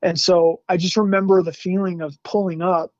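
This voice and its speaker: A man's voice: high voice, level tone, moderate pace, dry recording. A man from Salt Lake City telling a painful personal story as a podcast guest, speaking in a candid, slangy and emotional way. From Salt Lake City, USA. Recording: dull lo-fi dry sound.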